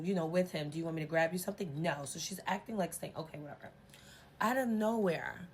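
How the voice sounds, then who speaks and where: A young woman telling a story in a casual storytime vlog, animated and profane, acting out quotes. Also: deep voice, brisk, a little hiss or hum. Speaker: storytime vlogger. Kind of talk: casual storytime while eating.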